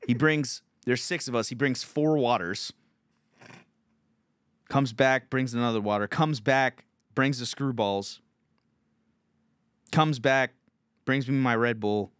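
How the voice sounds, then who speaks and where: A man's voice: mid-range voice, animated, moderate pace, no echo, clean studio sound. A man hosting a podcast, telling a story in a casual, profane, laughing way. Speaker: podcast host.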